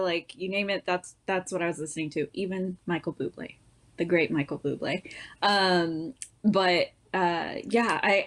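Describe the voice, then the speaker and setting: A young woman with a slightly low voice talks as a guest in an easygoing conversation. She rambles a little as she tells her stories and often laughs along. Her tone stays relaxed and friendly. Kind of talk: casual chat.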